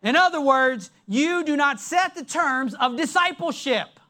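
Slow, deliberate preacher with lively pitch. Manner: emphatic, slow and deliberate, drops low for stress. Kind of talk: sermon.

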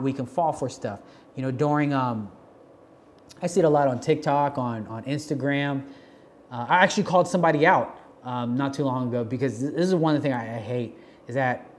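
A man's voice: mid-range voice, a little fast. A man giving an informal sermon on prophecy, speaking conversationally with many restarts, fillers and slangy asides. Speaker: church teacher on prophecy.

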